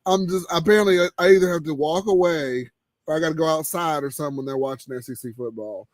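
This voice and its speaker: A man hosting a live cigar show in casual chat, laid-back and laughing, trailing off into low murmurs. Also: fast, no room sound.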